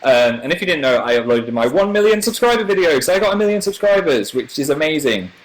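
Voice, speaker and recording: A man in his twenties from northern England, chatting casually on a livestream as a YouTuber host and answering viewer comments in a rambling, animated way. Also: a little high, fast talker, low-quality recording. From northern England, near Manchester.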